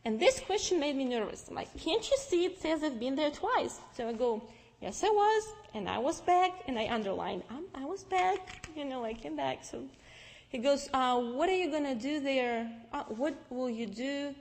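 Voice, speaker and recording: A young woman with a Russian accent, Russian-speaking by birth, telling her personal faith story to an audience in a lively, storytelling way. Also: high voice, moderate pace. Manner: lively storytelling with restarts and acted-out dialogue. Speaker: speaker giving testimony. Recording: long reverb from a large hall.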